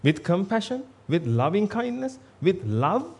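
A man's voice: high-pitched, big pitch swings, unhurried, darkish tone, husky. A man giving a Buddhist sermon in a blunt, emphatic way, repeating himself for stress. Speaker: Buddhist monk.

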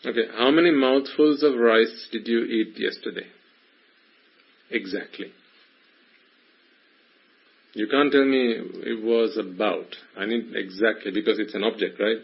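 A husky male voice in a dull, lo-fi recording. He teaches Buddhist ideas to a small group, pressing his listeners with playful, teasing questions. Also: on the low side, measured pace, pauses often. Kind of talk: Dhamma talk to a small group.

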